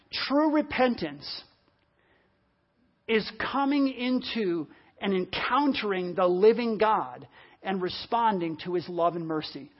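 A man preaching a sermon, animated, acting out the lines of the story's characters. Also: sits high, husky. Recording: dull lo-fi audio.

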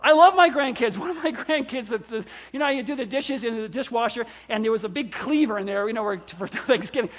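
An older man preaching a sermon as a pastor, animated and given to acting out exclamations and quoted voices. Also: very high-pitched, a little fast, few pauses.

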